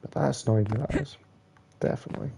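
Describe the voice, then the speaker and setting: A young man swearing and ranting angrily while commenting on his own gameplay, muttering curses under his breath between louder complaints. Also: medium pitch, steady tone, normal speed, slight background noise. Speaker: gamer playing a platform game.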